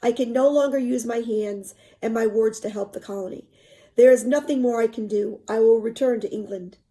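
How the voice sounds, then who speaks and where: A woman reading the lines of a gravely wounded male colonial captain from a storybook, in a plain read-aloud delivery. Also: a little high, normal speed, dark tone, natural voice. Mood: solemn.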